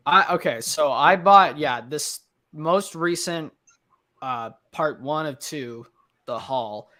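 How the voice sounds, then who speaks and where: A man chatting casually on a movie watch-along, talking in halting bits with many fillers. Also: a little high, pushed and bright. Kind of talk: casual chat.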